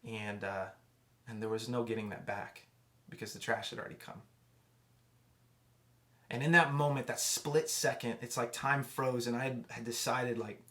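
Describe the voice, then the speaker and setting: Young adult male youth pastor, casual storyteller, restarts a lot, goes hushed at tender parts. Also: medium pitch. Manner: conversational, many restarts, drops to hushed tones for emotional moments.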